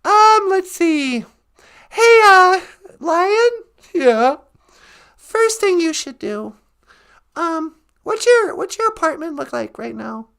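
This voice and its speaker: A woman co-hosting a podcast, giving gentle, practical advice. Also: extremely high pitch, very animated, slow pace, creaky, pauses often. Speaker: podcast co-host. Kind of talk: casual chat.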